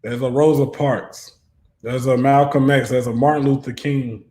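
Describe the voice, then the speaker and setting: A man's voice: medium pitch, fairly even intonation, normal speed, a little mellow. A man giving an online tarot reading who talks in a preachy, fervent way and often rises into exhortation. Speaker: tarot reader. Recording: roomy echo.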